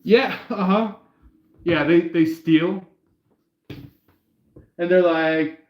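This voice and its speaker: A man's voice: high voice, extremely slow, long pauses, reverberant, dull audio. A man hosting a live tarot reading stream, talking in a meandering way, full of fillers and restarts. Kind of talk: rambling live-stream chat.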